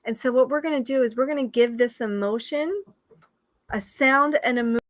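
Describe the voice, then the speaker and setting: A woman coach guides a live online session in a fairly high voice, close and dry on the mic. She coaxes people through the exercise and often breaks into whoops of enthusiasm. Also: moderate pace, no echo. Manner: coaxing guided-exercise delivery. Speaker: life coach.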